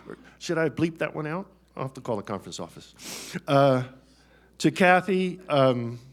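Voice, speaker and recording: An older man giving a retirement speech at a press conference, folksy and joking, and choked up at times. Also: mid-range voice. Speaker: retiring athletics director.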